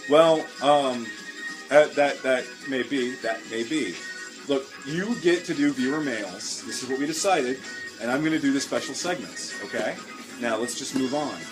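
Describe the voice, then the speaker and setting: Male comedy host, mid pitch, rambly and mock-pompous, jokey delivery. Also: normal speed, over music. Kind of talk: comedic hosting with outtakes.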